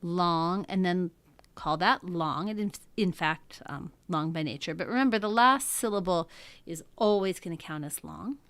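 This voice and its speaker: A woman's voice: on the low side, moderate pace, fairly bright tone, no room sound. A woman teaching a lesson, talking methodically through each step. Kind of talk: classroom lecture.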